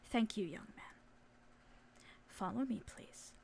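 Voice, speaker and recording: A woman doing a hushed gentle doctor. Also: animated, slow pace, vocal fry, in a whisper. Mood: calm, gentle. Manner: low, hushed, soothing. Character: gentle older male doctor chaperone, calm and soft-spoken.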